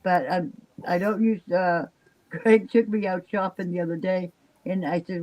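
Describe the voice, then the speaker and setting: A woman's voice: lowish voice, fairly even intonation, normal speed, a little mellow, a little hiss or hum, rough recording. An older woman, worn out, chatting casually on a live stream in a rambling way. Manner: rambling, chatty, trails off with fillers. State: exhausted. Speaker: live stream chat participant. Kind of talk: casual chat.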